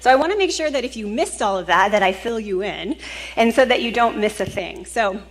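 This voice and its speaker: A woman's voice: mid-range voice, lively intonation, a little fast. A woman hosting a professional conference and giving an earnest welcome speech to a live audience, getting emotional now and then. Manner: warm, earnest and emotional, with small laughs. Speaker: conference host. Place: conference hall.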